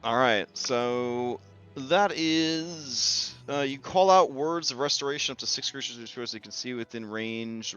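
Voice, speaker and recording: A man running a tabletop game as game master, casual and quick with jokes and swearing. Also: medium pitch, fairly bright tone, smooth.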